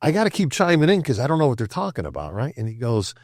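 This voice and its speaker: Medium-pitched and quick, an older man from upstate New York swaps casual stories as a guest on a podcast. His manner is animated: he acts out quotes and leans on "bro" and "right?" The recording is dry.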